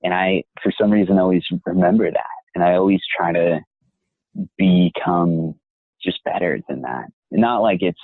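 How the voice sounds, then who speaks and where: A young man, a voice actor, talking in a measured, reflective and encouraging way as an interview guest. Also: low voice, slightly rough, dry recording. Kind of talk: interview conversation. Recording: tinny phone-like line.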